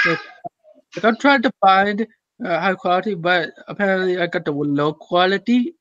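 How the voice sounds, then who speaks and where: A young man in casual group voice chat, rambling and halting, full of fillers and restarts. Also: sits high, lively intonation, heavy background noise. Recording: dull lo-fi voice chat audio.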